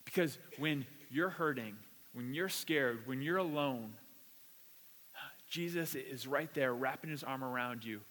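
A man's voice: mid-range voice, a little slow, fairly bright tone, in a large hall. A man preaching a conversational sermon. He tells stories casually and animatedly, repeating words as he goes. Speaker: pastor. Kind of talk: conversational sermon with personal story.

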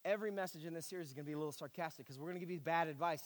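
A man with a fairly high voice preaches to his church, earnest and repeating his points, with wry sarcasm aimed at himself. His voice rings out with a long reverb in a large hall. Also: rapid-fire. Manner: earnest, repetitive, self-deprecating sarcasm. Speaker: pastor. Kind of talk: sermon.

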